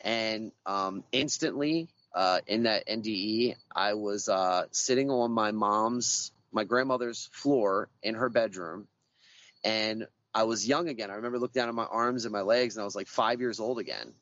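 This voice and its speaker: A man's voice: lowish voice, moderate pace, fairly bright tone, dull audio. A man speaking outdoors as a guest, earnest and reflective, with many hesitations and restarts. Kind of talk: casual conversation.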